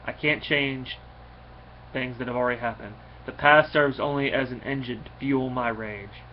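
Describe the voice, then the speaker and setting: A man voicing a brooding, wrathful male alien warlord in solemn, measured tones. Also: mid-range voice, steady tone, muffled recording, slight background noise, lightly acted.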